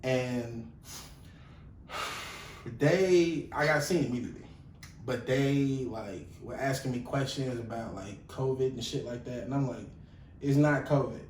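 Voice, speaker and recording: A young man co-hosting a podcast, telling a story in casual chat, animated and profane, loudly acting out the quotes. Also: medium pitch, unhurried, pauses often, distant mic. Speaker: podcast co-host. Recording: echoey room, voice off-mic, faint noise.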